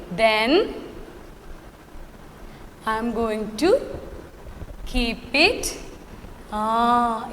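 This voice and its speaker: A woman teaching young children phonics, sounding out letters slowly and answering her own questions. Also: a little high, big-room sound, slight background noise. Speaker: kindergarten teacher.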